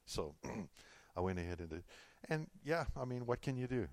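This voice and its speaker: This Californian pastor, middle-aged, preaches loosely and conversationally, telling stories, circling back to repeat himself, and tossing in asides. His medium-pitched voice has a sing-song lilt and a touch of mellowness, moving at an ordinary pace.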